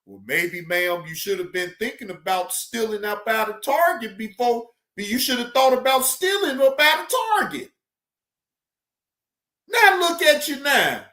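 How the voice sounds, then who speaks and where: A high, bright female voice that takes its time, loud and mocking, full of profanity and laughter. She talks over a clip like a running comedic commentary, and the room throws her voice back with a noticeable echo. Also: lively intonation, unhurried. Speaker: reaction video host.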